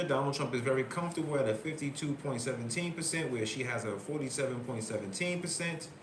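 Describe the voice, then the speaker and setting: A male host giving excited live election-night commentary, repeatedly reading out vote counts. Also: mid-range voice, roomy sound, noisy background.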